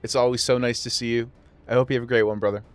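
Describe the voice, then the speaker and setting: A man's voice: medium pitch, level tone, rapid-fire, clean tone, no echo. A man streaming a game, chatting casually and enthusiastically thanking viewers. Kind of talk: casual gameplay livestream chat.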